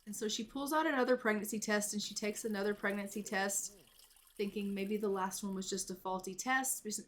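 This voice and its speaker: A woman's voice: mid-range voice, fairly bright tone. A woman narrating a life-simulation game as an ongoing story, chatty and rambling, often repeating herself. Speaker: gameplay narrator. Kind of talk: life-sim let's play storytelling.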